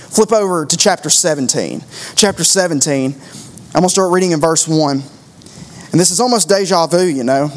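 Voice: medium pitch, expressive, fairly quick. A preacher giving a conversational sermon, driving points home with rhetorical questions and repeated phrases.

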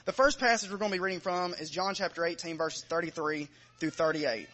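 High-voiced man preaching a sermon. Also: a little fast, hardly any pauses, pushed and bright. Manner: reads scripture aloud with rising emphasis, then talks plainly to the congregation. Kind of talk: sermon with scripture reading.

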